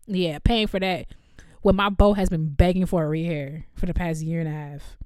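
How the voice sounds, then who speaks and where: A young woman, chatting casually as a podcast co-host and telling animated stories. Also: fairly low pitch, normal speed, clean tone, no room sound, studio quality. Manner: animated storytelling, laughs often, acts out voices. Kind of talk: casual chat.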